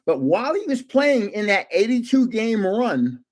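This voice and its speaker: A high-pitched, very animated older man at normal speed runs a casual trading card livestream. His stories meander, peppered with self-corrections and frequent chuckles between sentences.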